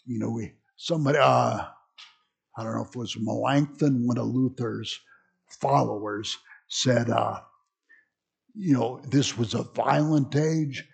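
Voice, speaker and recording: A man's voice: mid-range voice, fairly even intonation, measured pace, gravelly, husky. A man teaching a church history class in a conversational lecture style, full of fillers and restarts.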